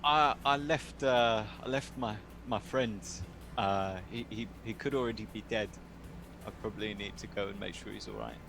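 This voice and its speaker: A man's voice: fairly low pitch, steady tone, moderate pace, creaky, over music. A man playing a tabletop game, talking casually and making threats in character. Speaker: player.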